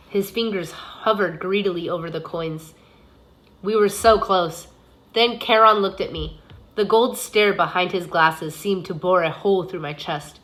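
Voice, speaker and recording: A woman teacher reading a novel aloud in a steady, expressive way. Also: fairly low pitch, measured pace.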